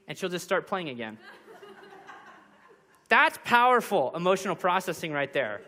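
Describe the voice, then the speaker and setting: A young man preaching from the pulpit in a bright, forceful voice that sits a touch high for a man. He moves through his points one by one and now and then acts out what people say in conversation. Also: big pitch swings, a little slow, pauses often. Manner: numbered points with acted example quotes. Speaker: pastor. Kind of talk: sermon. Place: church.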